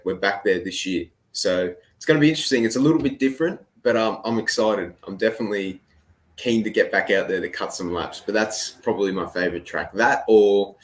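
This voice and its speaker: An Australian man, a motorcycle racer, answering podcast questions in a relaxed, easygoing way. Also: low-pitched. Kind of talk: casual interview chat.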